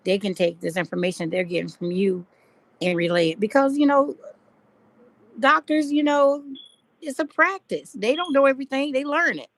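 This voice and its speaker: A woman's voice: sits high, expressive, moderate pace, no echo, poor audio. A woman hosting a casual live chat, encouraging her guest and reading out viewer comments. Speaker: host.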